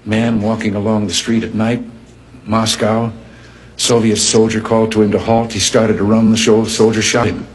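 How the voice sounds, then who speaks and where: A man's voice: fairly low pitch, level tone, normal speed, background noise. A man in his seventies, a folksy public speaker telling jokes and chuckling along with his stories. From United States. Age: 70s. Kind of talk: anecdotal joke-telling from an archive recording.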